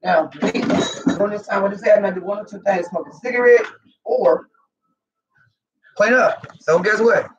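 Talking directly to viewers while demonstrating a recipe at home, the Southern vlogger chats and cusses in a high-sitting voice. He speaks at a moderate pace with long pauses, and the recording sounds roomy, distant, and dull, with faint noise.

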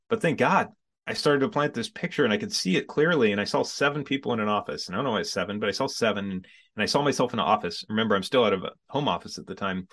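A man in his forties with a lowish voice tells his story as a podcast guest. He speaks casually and with energy, and now and then acts out how he reacted back then. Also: racing. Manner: animated storyteller who acts out his own past reactions. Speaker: podcast guest, business coach.

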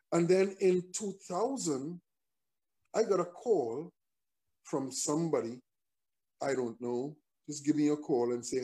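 A man, a songwriter and performer, telling a story in a relaxed conversational interview, often restarting his phrases as he thinks. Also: on the high side.

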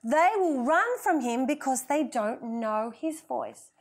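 A woman's voice: sits high, animated, slow pace. A woman leading a playful, encouraging Bible lesson for children in a kitchen. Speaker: children's minister.

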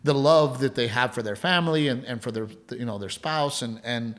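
This mid-range, slightly bright male voice moves fairly quickly. Co-hosting a podcast, he laughs his way through a rambling family story, full of restarts and repeated words.

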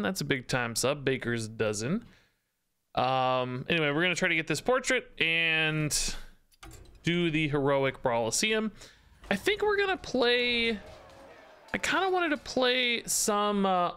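In a fairly high, pushed, bright voice with a smooth quality, this man streams a card game on Twitch. His live commentary is casual as he thanks subscribers and muses aloud about his deck.

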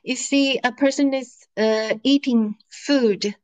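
Slow, patient woman teacher. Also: a little high, steady tone, darkish tone, poor audio. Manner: drawn-out, repeating words for students. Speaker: language teacher.

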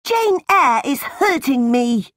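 A woman's voice: a little high, very animated, normal speed, a little mellow, husky, no room sound, studio quality. A woman voicing a spoiled, bullying boy who bosses and whines. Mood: whining. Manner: bossy, whining.

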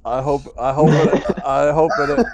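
A man's voice: fairly high pitch, steady tone, a little slow, dull audio, over a noisy crowd. A man hosting a live gaming stream, chatting casually and teasing his friends while he talks to his audience. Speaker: streamer, host.

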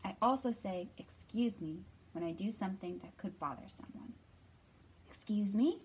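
A woman librarian leading a children's storytime, reading aloud in an expressive, bright manner and acting out the quoted lines. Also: mid-range voice, moderate pace, slight background noise.

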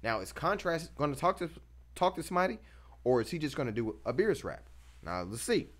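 A man's voice: a little high, brisk, background noise. A man hosting a reaction video, talking casually in slang and pressing his points with emphasis. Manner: animated, emphatic, slangy, laughs between points.

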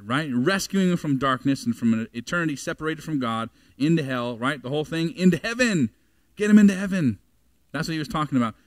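Man, forties, church pastor, higher-pitched, dry close sound, chatty sermon with questions to the room. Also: no room sound. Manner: conversational preaching, asks the congregation questions. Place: church sanctuary.

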